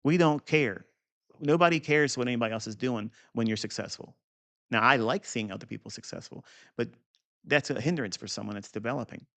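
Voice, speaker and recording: A gravelly man's voice at an average pitch, teaching a live trading lesson. He talks bluntly and swears, drifting into rambling asides before he comes back to the point. He sounds middle-aged. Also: fast, a bit bright. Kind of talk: unscripted livestream lesson.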